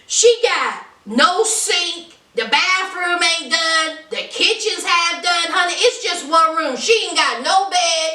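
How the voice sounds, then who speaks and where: Sassy high-voiced woman in an echoey room. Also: animated, takes it slowly, few pauses, pushed and bright. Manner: sassy, laughing, calls listeners honey and child. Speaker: TV show reviewer. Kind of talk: casual recap commentary. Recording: echoey room, distant from the mic.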